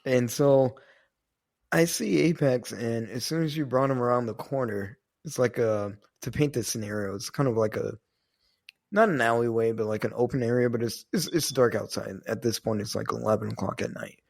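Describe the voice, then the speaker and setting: A young man co-hosting a podcast, telling a story in a loose, rambling way. His voice sits at an ordinary middle pitch. He tosses in fillers and the odd curse as he goes. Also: moderate pace, gravelly. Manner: rambling, with many fillers and casual swearing. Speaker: podcast co-host. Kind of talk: casual storytelling chat.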